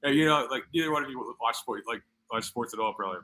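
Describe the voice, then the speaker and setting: A man talks at a breakneck clip in a bright, forceful voice. He rambles through a casual podcast chat, swearing freely and leaning hard on filler words. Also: mid-range voice, fast talker, rough recording. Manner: rambling, profane, heavy on filler "like".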